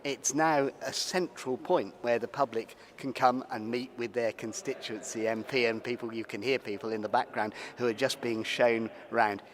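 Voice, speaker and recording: A man presenting a radio report and interviewing a guest in a measured, conversational way, recorded in a large indoor lobby. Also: medium pitch, steady tone. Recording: public lobby with some noise.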